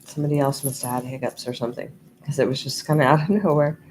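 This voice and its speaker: A woman giving a channeled tarot reading, talking slowly and meandering with many ums and restarts. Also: rumbling low, fairly even intonation, a little mellow, a little hiss or hum, low-quality recording. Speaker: tarot reader. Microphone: USB microphone.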